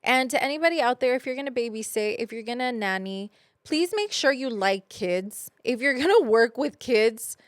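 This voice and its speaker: A woman's voice: a little high, lively intonation, moderate pace, no echo, studio quality. Profane, fired-up young woman co-host. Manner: profane, fired-up, mixes Spanish slang. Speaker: podcast co-host. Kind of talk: casual podcast chat.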